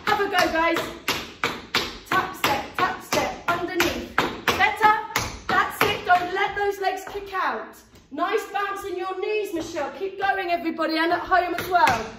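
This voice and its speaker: A woman's voice: very high-pitched, heavy background noise. A woman teaching a live tap dance class, calling out steps in a sing-song count and praising students by name. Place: dance studio. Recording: echoey room, distant mic, loud music.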